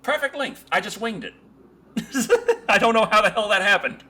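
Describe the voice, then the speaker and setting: A young man hosting a casual livestream chat, excitable and tripping over his words with many restarts. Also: high voice, moderate pace. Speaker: show host.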